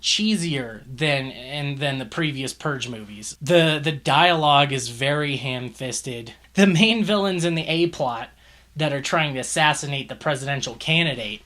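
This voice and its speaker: A man's voice: medium pitch, measured pace, pushed and bright. A man giving a casual, profane movie review, exasperated and ranting, swearing often.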